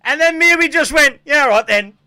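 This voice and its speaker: A man chatting casually on a stream, telling a story with animated bursts of loud, laughing shouts. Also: very high voice, fairly quick, faint music behind.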